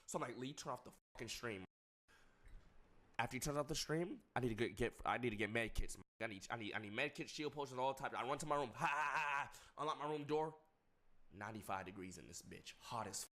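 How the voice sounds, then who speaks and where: Animated young man telling a wild story. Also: quick pace. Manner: swings between low flat recounting and loud laughing outbursts. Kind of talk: animated storytelling with heavy swearing.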